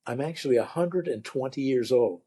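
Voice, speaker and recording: A man's voice: mid-range voice, fairly quick, warm tone, breathy edge, close to an everyday voice. An older man doing a proud very old man.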